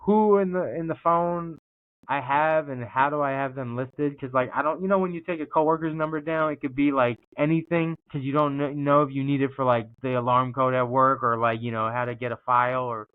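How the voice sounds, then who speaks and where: A man from New York with a New York accent, telling a story casually in an animated, slangy way as podcast host. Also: mid-range voice, brisk, clean tone, no echo. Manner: animated and slangy, acts out scenes. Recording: tinny phone-like dry sound.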